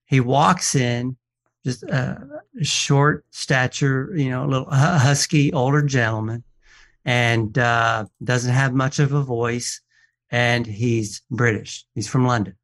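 A watch appraiser, guesting on a casual radio show, tells stories and acts out the people in them, quoting their dialogue and often restarting his sentences. He has a mid-range voice and speaks slowly.

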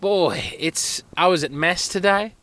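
Bright-voiced man rambling wryly. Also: high voice, measured pace, no room sound. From Australia. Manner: rambling, wry, self-mocking storytelling. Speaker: podcast host. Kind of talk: solo comic monologue.

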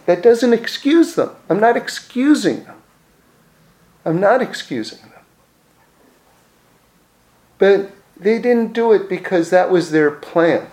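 A man's voice: high-pitched, warm tone, low-quality recording. A man teaching in casual conversation, who repeats key phrases for emphasis and acts out the voices of the people he describes.

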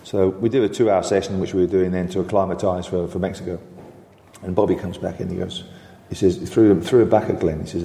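A man in his sixties recounts old tales, chuckling and restarting as he goes. His voice is very low and dark, and the recording carries a long, roomy reverb. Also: quick pace, creaky. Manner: chuckling, animated storyteller, full of restarts. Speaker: former footballer, interview guest. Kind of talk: anecdotal storytelling. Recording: roomy reverberant room sound.

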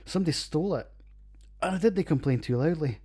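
A man's voice: fairly high pitch, expressive, fairly quick, a little mellow, husky. A man with a Scottish accent hosting a casual solo podcast, rambling and jokey with plenty of swearing. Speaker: podcast host reviewing beers.

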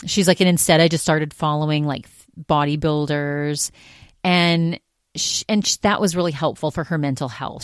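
A woman with a notably low voice hosts her own podcast solo, chatting casually as she recaps another show. She keeps quoting people, stringing thoughts together in an easy, conversational flow. The sound is dry and close, with no room echo. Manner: chatty retelling, constantly quoting others with "she's like". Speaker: podcast host.

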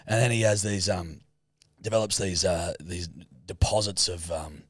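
A man co-hosting a casual podcast, rambling loosely and swearing freely as he talks. His voice sits on the lower side. The sound is dry and close. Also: normal speed, dry recording. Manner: crude, rambling, heavy slang and swearing. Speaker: podcast co-host. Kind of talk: casual chat, describing a film for a guessing game.

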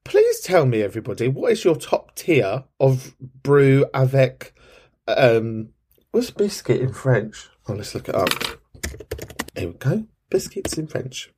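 A podcast host responds to listeners' voice notes in a casual, cheeky chat, camp and sweary, with big swoops in pitch. His voice is very animated, unhurried, a little mellow and slightly rough.

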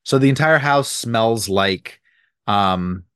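A man's voice: lowish voice, slow, fairly bright tone, clear, resonant tone, no echo, clean studio sound. A man co-hosting a podcast, joking wryly as he recaps a TV episode and quoting lines in funny voices. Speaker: podcast co-host. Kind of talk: casual chat recapping a TV episode.

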